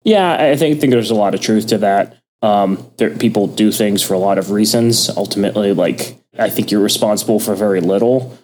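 Soft-spoken man with a low voice. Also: brisk, hardly any pauses, a little hiss or hum. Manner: soft, drifting into a casual ASMR-like murmur; thoughtful, many ums and restarts. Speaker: podcast co-host. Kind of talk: casual chat, reading from a book.

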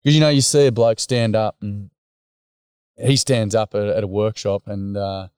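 A man's voice: fairly low pitch, fairly even intonation, normal speed, a little mellow, clear, resonant tone, dry recording, clean studio sound. A middle-aged man with an Australian accent, a guest on a podcast interview, telling stories in a casual, slangy way. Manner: storytelling, full of slang, acts out dialogue. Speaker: guest, workshop facilitator.

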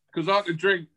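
A man's voice: high voice, sharp tone, low-quality recording. A man in his fifties from South London, speaking with a South London accent, chatting brashly as a guest over a video call, swearing and laughing. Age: 50s. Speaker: guest, former footballer. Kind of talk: casual chat.

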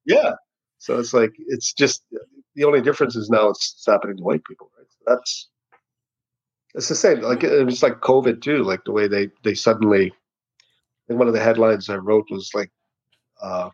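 Husky, sarcastic man rambling casually. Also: on the low side, moderate pace, highs cut off. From Canada. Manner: sarcastic, rambling with many restarts. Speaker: satirical news writer. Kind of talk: casual interview conversation.

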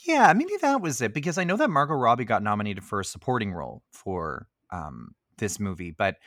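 A man's voice: on the low side, brisk, dry recording. Male podcast co-host, loose and filler-heavy, recorded dry and close. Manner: chatty, many fillers, animated asides. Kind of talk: casual movie review chat.

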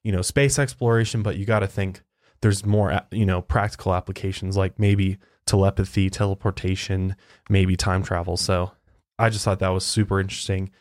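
A man's voice: low-pitched, little pitch movement, brisk, a little mellow. A man co-hosting a podcast, talking in a loose, rambling way and swearing casually. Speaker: podcast co-host.

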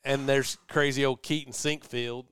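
Speaking at a moderate pace with a smooth, mid-range voice and no echo, a middle-aged man hosts a podcast. He chats casually, rambling through a long story and doing animated voices for quoted people.

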